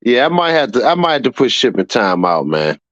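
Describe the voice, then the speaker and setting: A man's voice: mid-range voice, big pitch swings, a little fast, a bit bright, no room sound, dull audio. A man hosting a livestream and reading chat aloud, laughing often, repeating himself and scolding a viewer. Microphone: streaming setup mic.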